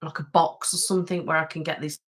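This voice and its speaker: Chatty West Midlands woman, low voice. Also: flat delivery, fast talker. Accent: West Midlands English. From West Midlands of England. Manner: chatty, rambling, self-deprecating, many ums. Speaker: ASMR channel host. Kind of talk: casual live-stream chat. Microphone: webcam setup at home.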